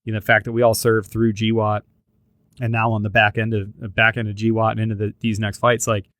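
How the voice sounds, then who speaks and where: A man's voice: on the low side, monotone, brisk, fairly bright tone, no room sound. A middle-aged man hosting a podcast, talking earnestly in casual chat with lots of restarts. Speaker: podcast host.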